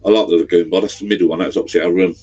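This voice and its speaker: A man's voice: low voice, steady tone, very fast, warm tone, slightly rough, lo-fi sound. A middle-aged man, rambling chattily on a livestream. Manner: rambling, chatty, gives directions. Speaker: livestream host. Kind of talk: casual livestream chat.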